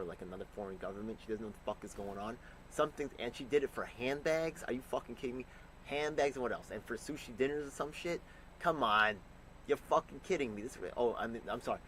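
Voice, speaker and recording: A man angrily reacting to a news clip, ranting and swearing with sudden loud bursts. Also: mid-range voice, slight background noise, low-quality recording. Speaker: commentator reacting to news clips. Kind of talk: profane reaction commentary.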